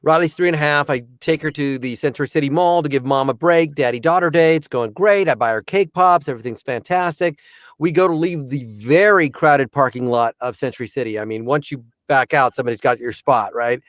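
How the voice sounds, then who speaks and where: High-voiced animated man telling a story. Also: brisk, no room sound, clean studio sound. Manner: animated, acts out characters, punchy short sentences. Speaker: comedian and voice actor. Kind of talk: stand-up storytelling on a podcast.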